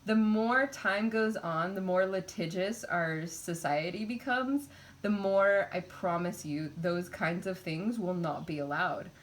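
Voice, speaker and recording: A woman's voice: fairly low pitch, unhurried. A woman teaching a college chemistry class in a casual, chatty way, with frequent filler words and laughing asides.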